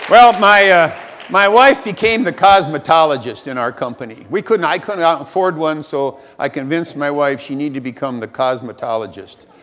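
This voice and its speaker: A man's voice: a little high, moderate pace, fairly bright tone, long reverb tail, some chatter behind. A man giving a motivational speech at a sales convention. He tells a self-mocking story with lots of animation.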